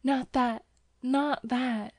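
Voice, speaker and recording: A woman's voice: a little high, little pitch movement, slow, darkish tone, dry recording, studio quality. Storybook heroine, young woman, passionate and torn, pleading cries, read by a woman.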